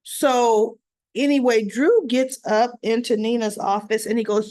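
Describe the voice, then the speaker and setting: Woman, fairly high voice, unhurried, chatty recap host, acts out quotes. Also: dry recording. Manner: animated retelling, acts out quotes, chatty asides. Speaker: soap opera recap host. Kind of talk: casual recap commentary.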